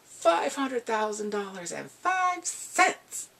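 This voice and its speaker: A man putting on a loud, cocky rich kid. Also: very high voice, very animated, slow, vocal fry, pitched above the performer's own voice, exaggerated voice. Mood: gloating.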